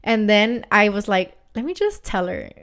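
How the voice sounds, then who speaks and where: Animated woman telling a spooky story. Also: mid-range voice, moderate pace. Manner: animated, swearing, heavy use of "like". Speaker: podcast co-host. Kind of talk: casual storytelling chat.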